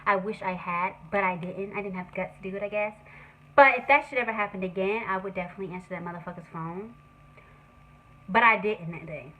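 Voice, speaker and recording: A young woman telling a story on her vlog, animated and profane in a casual way. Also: mid-range voice, brisk, low-quality recording. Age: young adult. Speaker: vlogger.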